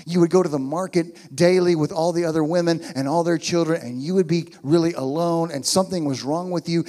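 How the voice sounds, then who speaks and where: Emphatic preacher with a fairly high voice. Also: male voice, darkish tone. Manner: emphatic, repeats key phrases. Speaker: pastor. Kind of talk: sermon.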